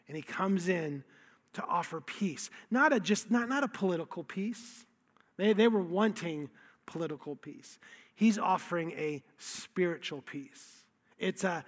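A man's voice: on the high side, normal speed. A man preaching a sermon, telling the story with emphasis and repeating key phrases. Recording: long hall reverb.

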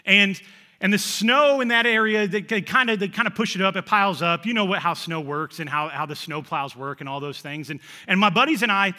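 A man, preaching a sermon through a personal story, animated, often repeating words and restarting phrases. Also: high voice, a little fast, long reverb tail. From central Illinois, USA. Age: 30s. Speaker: pastor.

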